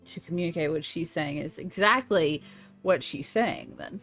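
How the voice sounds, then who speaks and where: A woman's voice: on the low side, moderate pace, fairly bright tone, faint music behind. Direct woman player at the table. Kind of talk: casual tabletop play.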